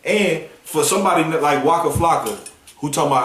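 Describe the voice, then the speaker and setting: A man preaching on a downtown street in a forceful, confrontational, slangy manner, with call-and-response from listeners. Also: on the high side, expressive, fast talker. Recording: echoey street sound from a distance.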